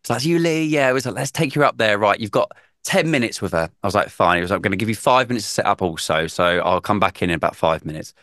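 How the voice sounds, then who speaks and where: A man's voice: lowish voice, fast talker, no echo, clean studio sound. A man, a radio presenter, chatting casually on a podcast and acting out the people in his stories. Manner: animated storyteller, acts out quotes. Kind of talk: casual chat, storytelling.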